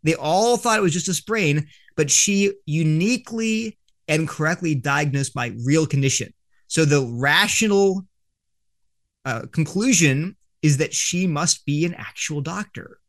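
A man's voice: fairly high pitch, measured pace. A man, an author and guest, earnestly explaining an argument in an interview, often restarting his sentences.

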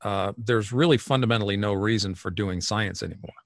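Earnest man with a low voice. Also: fairly quick, gravelly, no room sound, studio quality. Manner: reflective, earnest, repeats agreement. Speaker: conversation partner. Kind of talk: casual philosophical conversation.

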